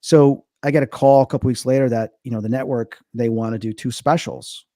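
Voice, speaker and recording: A Chicago man in his fifties, a medium and paranormal investigator, is a guest in a casual interview, telling stories fast and animatedly while acting out quoted dialogue with big pitch jumps. The recording is dry and studio quality.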